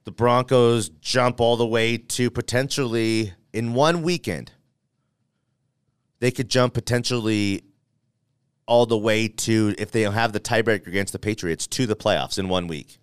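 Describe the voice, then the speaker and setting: Playful animated male sports talk host. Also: fairly low pitch, measured pace, clean tone, no room sound, studio quality. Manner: animated, playful, thinks aloud with restarts. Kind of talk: casual sports debate.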